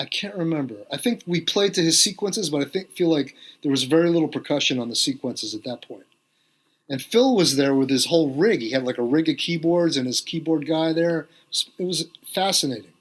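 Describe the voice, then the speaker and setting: A middle-aged man tells a story as a podcast guest, switching into lively voices as he quotes other people. His speaking voice sits on the higher side for a man. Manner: animated anecdote-telling, quotes others in varied voices. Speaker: guest drummer.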